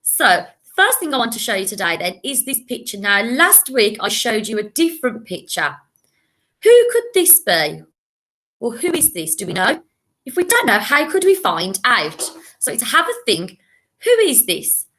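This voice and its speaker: A young English woman teaching a recorded French lesson to primary school children, speaking slowly and encouragingly. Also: a little high, very animated, sharp tone. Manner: slow, encouraging, sings simple tunes.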